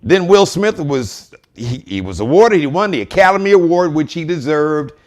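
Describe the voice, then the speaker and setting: Animated joking male live-show host. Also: a little high, moderate pace. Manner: animated, joking, storytelling, shout-outs.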